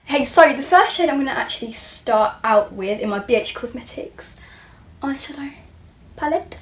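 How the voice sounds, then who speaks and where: A chatty young woman talks through her makeup routine with self-mocking asides, her voice fairly high and now and then sinking to a near-whisper. A faint hum of room sound sits behind her. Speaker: beauty vlogger. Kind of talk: casual makeup tutorial chat.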